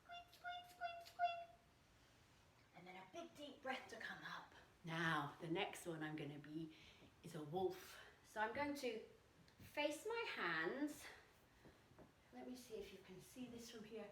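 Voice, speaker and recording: Lively woman leading kids' yoga. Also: medium pitch, a little hiss or hum. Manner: encouraging, sing-song instructions with animal sounds. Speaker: children's yoga teacher. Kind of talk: guided children's yoga class. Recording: echoey room, voice from a distance.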